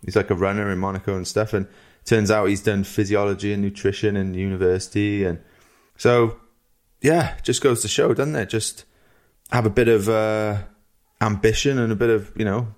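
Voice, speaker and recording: A man's voice: fairly low pitch, normal speed. Chatty Welsh man telling a story. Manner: rambling, animated, quotes people in lively voices. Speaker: podcast co-host. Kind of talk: casual storytelling chat.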